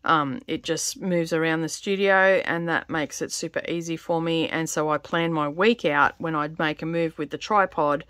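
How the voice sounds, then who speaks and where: A middle-aged Australian woman in her home craft studio, chatting casually while she stitches, her voice a little croaky. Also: deep voice, fairly even intonation, moderate pace, few pauses, fairly bright tone, dry recording. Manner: rambling, filler-heavy, chatty. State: slightly croaky voice. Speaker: cross-stitch vlogger. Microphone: camera on tripod.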